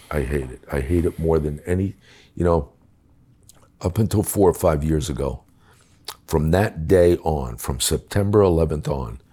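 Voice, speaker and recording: A man's voice: very deep voice, warm tone, husky. A middle-aged man telling a story in conversation, blunt, emphatic and full of swearing. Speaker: guest recounting his time as a police official.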